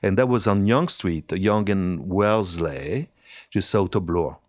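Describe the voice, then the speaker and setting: An older man with a French accent tells his story in a very low voice. He talks freely, restarting phrases and laughing easily. The sound is close and dry. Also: a little slow, dry recording. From France. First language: Italian and French. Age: 70s. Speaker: hairstylist guest. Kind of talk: conversational interview.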